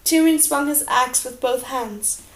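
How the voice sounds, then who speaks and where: High-voiced woman reading an audiobook. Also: unhurried. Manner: steady, expressive storytelling. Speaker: audiobook reader. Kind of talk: audiobook narration. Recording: roomy echo.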